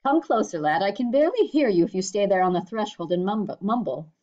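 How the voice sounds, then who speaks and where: A woman reading the part of a brisk, curious doctor whose voice is hoarse and husky, asking quick questions. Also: mid-range voice, expressive, warm tone, natural voice. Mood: questioning. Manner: brisk, questioning, kindly commanding. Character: British country doctor, middle-aged man, brisk and curious. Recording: slightly dull lo-fi recording.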